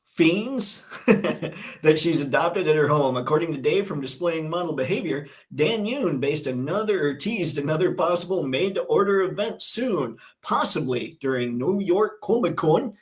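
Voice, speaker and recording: Chatty, excitable man hosting a livestream. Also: fairly high pitch, normal speed, poor audio. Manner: chatty and excitable, reads viewer comments and news aloud. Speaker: livestream host. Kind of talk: casual live stream chat.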